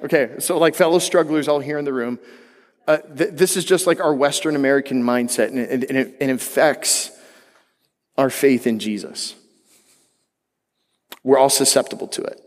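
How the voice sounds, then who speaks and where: A man's voice: mid-range voice, steady tone, normal speed, long pauses. A man preaching a sermon in a conversational way, mixing jokes with emphatic, rising passages. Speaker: pastor. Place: church hall. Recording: long hall reverb.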